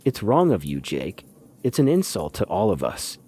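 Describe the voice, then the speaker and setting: A man's voice: lowish voice, wildly swooping pitch, normal speed, dark tone, slightly rough, heavily acted. A man reading a breezy, flippant English society woman in an audiobook, with clipped, airy upper-class phrasing. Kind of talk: audiobook character voice.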